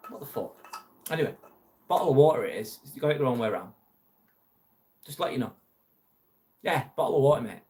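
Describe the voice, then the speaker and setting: A man hosting a casual livestream, chatting bluntly with viewers and swearing freely. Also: on the high side. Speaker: livestream host reading viewer chat. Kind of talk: casual live chat.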